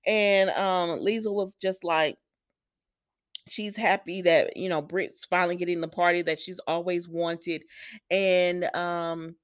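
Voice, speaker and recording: A woman's voice: fairly low pitch, steady tone, slow pace, no echo, clean studio sound. A woman recapping a soap opera in a chatty vlog, talking straight to her viewers. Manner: chatty, addresses viewers directly. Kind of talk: casual chat.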